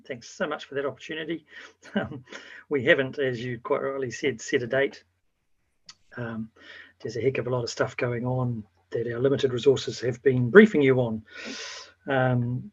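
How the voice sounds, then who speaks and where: A man's voice: mid-range voice, slightly rough, lo-fi sound. A man with a New Zealand accent, a council chief executive answering the chair in a hesitant, conciliatory way.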